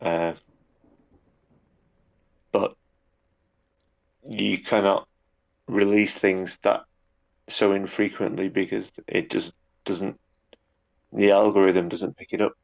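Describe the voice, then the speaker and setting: Deep gravelly guy rambling through an interview, dull lo-fi sound. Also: slow, long pauses. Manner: relaxed, rambling with repeats and fillers. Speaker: guest, YouTube narrator. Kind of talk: casual interview chat.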